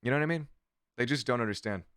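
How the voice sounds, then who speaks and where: A man's voice: medium pitch, very fast, a bit bright, no room sound, clean studio sound. A man streamer giving sarcastic, profane commentary while reading chat aloud. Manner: sarcastic, swears often, reads chat aloud. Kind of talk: casual livestream commentary.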